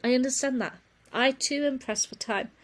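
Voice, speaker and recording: A woman presenting a webinar on children's reading, speaking earnestly and often correcting herself with a quick apology. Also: sits high. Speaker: reading teacher giving a webinar.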